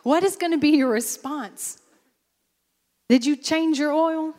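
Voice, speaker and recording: A woman pastor preaching a sermon, animated and lively, acting out bursts of praise as she goes. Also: high voice, unhurried, long reverb tail.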